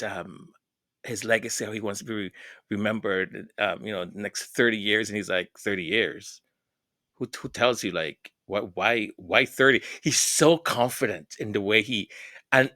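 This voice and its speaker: A man's voice: medium pitch, fairly bright tone, no echo, clean studio sound. A man hosting a fan news channel, speaking in an emotional, tearful way with many stammered repeats. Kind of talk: casual vlog commentary.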